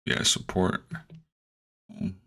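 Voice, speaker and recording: A man's voice: extremely slow, pushed and bright. A man casually talking to himself as he reads trading charts, muttering and dropping playful slang asides. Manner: mutters and talks to himself, hums. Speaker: trader streaming his charts.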